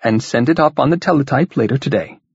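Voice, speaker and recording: A man reading the part of a weary, careful male diplomat in a measured, dry manner, in a dull lo-fi recording. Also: medium pitch, animated, vocal fry, breathy edge, no room sound, pitched above the performer's own voice, heavily acted. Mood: guarded.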